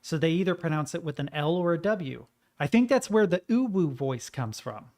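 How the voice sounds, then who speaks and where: A young man chats loosely while he plays a game, drifting from thought to thought. His voice sits a touch higher than most men's, and he drops the odd curse without much weight behind it. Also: expressive, normal speed, darkish tone. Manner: rambling, musing, swears casually. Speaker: gaming streamer. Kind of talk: casual gaming commentary.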